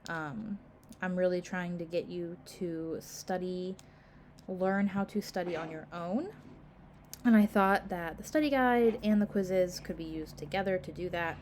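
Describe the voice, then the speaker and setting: A woman's voice: on the low side, measured pace, a little mellow, slight background noise. A woman instructor giving a class casual course announcements, full of "um" and "like", tired and yawning. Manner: casual, filler-heavy, frequent "um" and "like". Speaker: college instructor.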